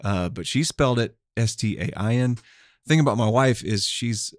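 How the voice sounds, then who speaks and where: A middle-aged man from Oklahoma with an Oklahoma accent, hosting a podcast in a relaxed, meandering chat with easy chuckles. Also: mid-range voice, normal speed, no room sound, studio quality. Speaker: podcast host. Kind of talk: casual chat.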